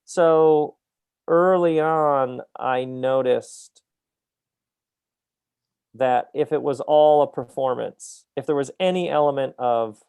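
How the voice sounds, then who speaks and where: A middle-aged man, an author being interviewed, talking in an animated, reflective way and often laughing at himself. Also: mid-range voice, slow, gravelly, pauses often, smooth, dry recording. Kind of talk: casual interview conversation.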